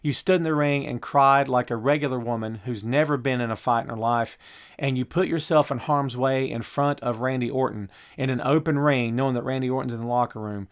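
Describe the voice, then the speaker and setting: A man's voice: medium pitch, a little fast. A man hosting a wrestling talk show, giving blunt, opinionated commentary full of rhetorical questions. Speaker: show host.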